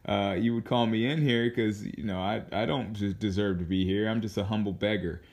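A man's voice: on the low side, steady tone, brisk, a little mellow, natural voice. A man voicing a humble, polite beggar in a spoken story. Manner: polite, apologetic. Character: humble poor male beggar.

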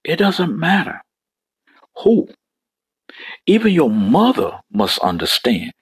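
A man's voice: fairly high pitch, huge pitch swings, slow pace, pauses often, husky, no room sound. A male preacher delivering a fervent sermon, repeating phrases and breaking into exclamations.

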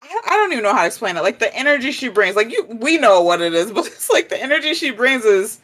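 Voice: sits high, very animated, quick pace, hardly any pauses, fairly bright tone. A co-host in a casual chat, enthusiastic and affirming, with frequent laughs and exclamations. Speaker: podcast co-host.

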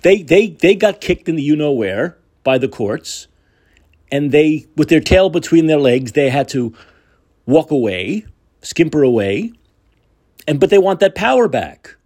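A man's voice: a little high, sing-song, a little slow, a little mellow. A man hosting a political talk show, delivering a combative, sarcastic monologue with profanity. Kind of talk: opinionated monologue.

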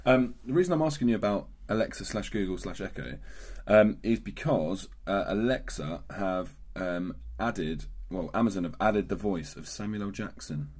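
A man's voice: fairly low pitch, normal speed, few pauses, darkish tone, breathy edge. Hungover man teasing in dry banter. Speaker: co-host. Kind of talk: casual chat.

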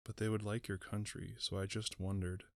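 A man voicing an ancient, sorrowful tree-giant in an audiobook, speaking slowly and deliberately in a musing way. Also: on the low side, level tone, darkish tone, no room sound, clean studio sound, lightly acted. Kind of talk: audiobook reading.

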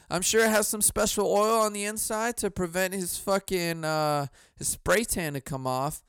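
A man's voice: sits high, measured pace, a bit bright, clear, resonant tone, dry recording, clean studio sound. Cynical, swearing man ranting solo. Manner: cynical, profane, rambling with laughs and sighs. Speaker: podcast host. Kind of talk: solo comedic podcast rant.

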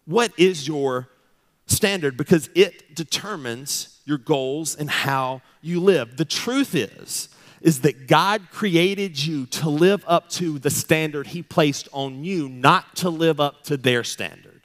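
A man's voice: on the high side, slow pace, a bit bright. Man preaching in a reverberant hall. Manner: emphatic, repeats questions, builds to fervent declarations. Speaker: pastor. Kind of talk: sermon. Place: church sanctuary. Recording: long reverb of a large hall.

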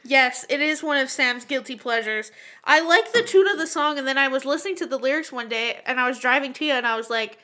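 A woman's voice: sits high, brisk, bright, forceful tone. A woman co-hosting a casual podcast chat, brash, swearing freely and laughing often. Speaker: podcast co-host.

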